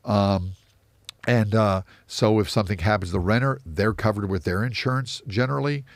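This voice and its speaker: A man with a low, gravelly voice tells stories as an interview guest, acting out what people said along the way. He comes from the United States. The sound is dry and close. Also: normal speed, no room sound. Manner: animated anecdotes with quoted dialogue. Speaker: real estate investor guest. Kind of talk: storytelling interview.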